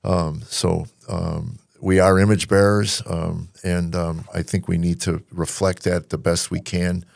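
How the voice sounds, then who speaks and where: Gravelly deep-voiced male podcast host. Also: flat delivery, unhurried, few pauses, no room sound, studio quality. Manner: earnest storyteller, many fillers. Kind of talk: casual interview chat.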